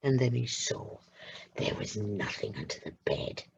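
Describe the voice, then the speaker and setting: A woman narrating a children's story slowly and expressively, leaning into pauses. Her voice is husky with a gravelly edge. The recording sounds dull and lo-fi. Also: rumbling low. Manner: slow, expressive, dramatic pauses. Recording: muffled lo-fi recording.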